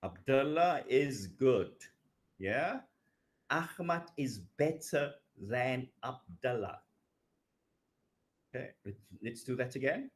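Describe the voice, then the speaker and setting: A man's voice: mid-range voice, expressive, slow pace, long pauses. A man teaching an English grammar lesson, drawing out his words and checking in with "okay" and "yeah" as he goes. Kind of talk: recorded grammar lecture.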